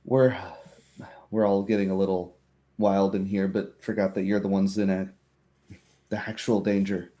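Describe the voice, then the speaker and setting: A man's voice: low-pitched, level tone, normal speed, pauses often, mellow, close to an everyday voice. A man voicing an earnest, worried young townsman who speaks bluntly. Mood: apologetic. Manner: blunt, frank talker.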